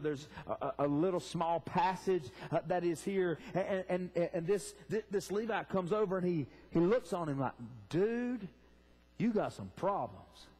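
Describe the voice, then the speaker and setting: Pastor preaching, fairly high voice. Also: male voice, a little mellow. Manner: fervent preaching, asks the congregation direct questions. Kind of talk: sermon. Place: church sanctuary.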